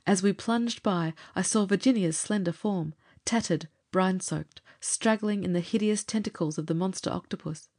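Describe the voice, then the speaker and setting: A woman's voice: medium pitch, moderate pace, few pauses, darkish tone. Woman reading an adventure story aloud. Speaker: narrator.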